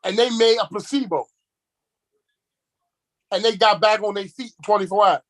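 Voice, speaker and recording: A man chats casually. His voice sits high, and he tells streetwise stories, often repeating words as he gets going. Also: normal speed, fairly bright tone, low-quality recording. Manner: streetwise storyteller, repeats words when starting. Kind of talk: casual chat.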